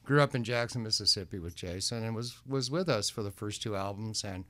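A man guesting on a talk show as the band's lyricist, speaking calmly with small pauses. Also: fairly low pitch. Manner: calm, measured, with fillers. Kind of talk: casual interview.

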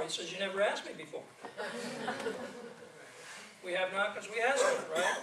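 Heard from afar in an echoing church sanctuary, this evangelist has a high voice and speaks at normal speed with long pauses. He's a lively storyteller who laughs through his sermon, and background noise is present.

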